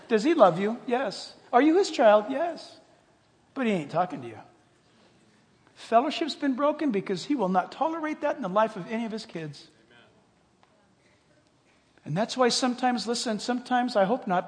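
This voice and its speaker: An older male pastor with a very high voice delivers an animated sermon, jumping from loud exclamations to quiet, hushed asides. His voice rings out with a long reverb in a large hall. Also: moderate pace.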